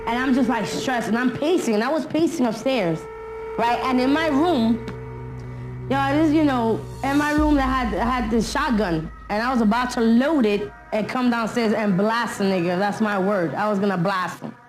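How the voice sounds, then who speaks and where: A woman's voice: fairly high pitch, moderate pace, faint music behind, poor audio. A woman retelling hard memories in a candid documentary interview, blunt and full of street slang.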